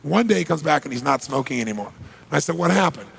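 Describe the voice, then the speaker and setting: A man's voice: on the high side, lively intonation, quick pace, creaky, fairly bright tone, in a large hall, a little hiss or hum. A man giving a motivational seminar talk, telling stories and quizzing the audience. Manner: storytelling, asks the audience questions. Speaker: seminar speaker.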